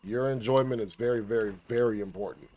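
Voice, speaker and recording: A man's voice: mid-range voice, fast talker, mellow, slight background noise. A man giving casual, laid-back advice while playing a game, swearing now and then and trash-talking what he fights. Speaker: gaming guide creator.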